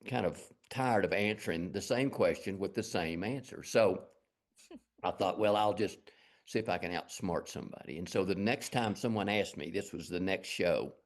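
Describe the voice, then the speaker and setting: Middle-aged West Texas man, low voice, folksy rambling storyteller, interview guest. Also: moderate pace. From Lubbock, Texas. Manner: rambling, folksy, self-deprecating. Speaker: guest artist.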